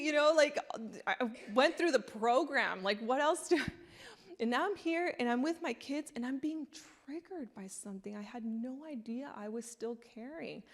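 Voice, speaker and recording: Woman giving a candid sermon. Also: fairly high pitch. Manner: candid, conversational, animated storytelling. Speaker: guest speaker. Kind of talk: sermon with personal stories. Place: church sanctuary.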